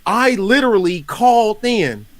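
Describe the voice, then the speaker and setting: A man in his fifties from North Carolina hosts a loose, casual chat, telling long rambling stories. His voice sits a bit high. The sound is dry and close. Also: measured pace, dry recording. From North Carolina, USA. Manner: rambling, animated storyteller who laughs often. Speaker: podcast host.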